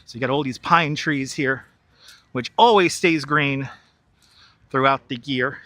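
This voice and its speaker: A man's voice: mid-range voice, measured pace, sharp tone, no echo. Chatty New man guiding a park walk. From New York. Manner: chatty, reads out viewer chat, laughs easily. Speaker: live-streaming tour guide. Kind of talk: casual live-stream walking tour. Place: outdoors in a large city park. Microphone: wireless clip-on mic.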